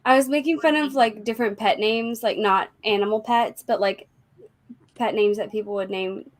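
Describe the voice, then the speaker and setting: A woman's voice: medium pitch, fairly even intonation, moderate pace. A woman in a casual group chat, easygoing and filling talk with "like". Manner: easygoing, lots of "like".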